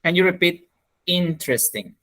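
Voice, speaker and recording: A man teaching an English speaking class over a video call, animated and encouraging, laughing often. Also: sits high, moderate pace.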